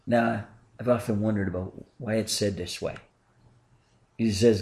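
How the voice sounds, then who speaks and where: A male pastor preaching a sermon in an earnest way, swinging from emphatic lines to hushed, slow ones. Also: lowish voice, steady tone.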